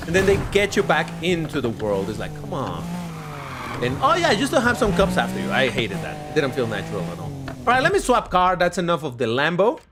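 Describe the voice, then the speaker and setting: A man's voice: high voice, big pitch swings, a little fast, music in the background. A young man chatting casually while streaming a racing game, talking to his viewers and his cat. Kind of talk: casual live-stream commentary.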